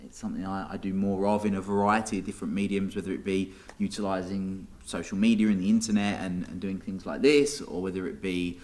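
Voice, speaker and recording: Cheerful young Essex man, low voice. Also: steady tone, fairly quick, few pauses, darkish tone. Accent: Essex English. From Essex, England. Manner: cheerful, laughing often, some restarts. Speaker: guest, mindset coach. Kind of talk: casual interview chat.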